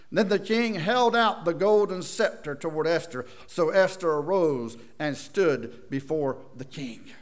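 A man preaching a sermon, swinging from loud dramatic bursts to hushed, near-whispered lines. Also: on the high side.

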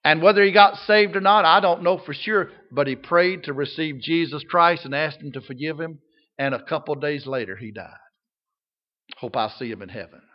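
An older man preaching a folksy sermon as pastor, rising to loud emphatic lines and dropping to quiet soft ones. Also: on the high side, normal speed, highs cut off.

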